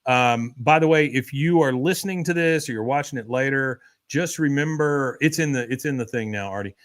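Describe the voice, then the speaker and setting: A man casually recapping a cartoon episode on a livestream, rambling and loose with many fillers. His voice sits at an ordinary pitch. It is close and dry, with no room echo. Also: moderate pace. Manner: rambling, filler-heavy storytelling. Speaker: podcast host.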